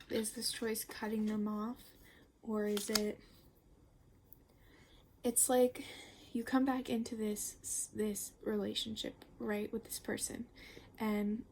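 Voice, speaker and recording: A young woman giving a casual tarot reading, chatty and rambling, full of fillers and the odd curse word, sometimes slipping into a soft near-whisper. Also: fairly high pitch, vocal fry, a little hiss or hum. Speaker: tarot reader.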